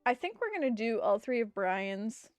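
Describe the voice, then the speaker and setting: A woman streaming a game, chatting casually and reading the story aloud in a lively, talkative way. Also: on the high side, moderate pace, clean tone, no echo, faint music behind. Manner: chatty, animated, talks to her pets.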